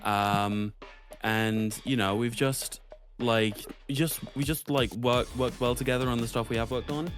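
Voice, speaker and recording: A woman's voice: rumbling low, fairly even intonation, measured pace, faint music behind. A woman guest in a casual online chat, hesitant and rambling with many restarts. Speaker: guest musician.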